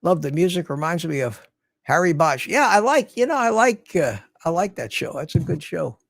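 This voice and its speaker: A man's voice: a little high, animated, moderate pace, creaky, no echo. An older man hosting a livestream in casual chat, rambling along and greeting viewers by name. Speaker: livestream host. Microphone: studio mic through a mixer.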